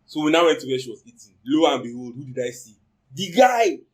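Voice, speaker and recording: A man's voice: mid-range voice, quick pace, husky, poor audio. A young man with a Nigerian accent, animatedly telling how he met his wife and acting out the lines of the people in the story. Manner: animated, acts out quoted speech, pidgin slang. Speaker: co-host. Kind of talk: casual storytelling.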